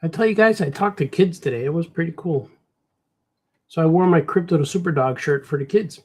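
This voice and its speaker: A chatty Chicago man with a fairly high, husky voice talks briskly while drawing on a stream. The cartoonist rambles along easily, talking to himself and saying "man" a lot as he narrates his own work.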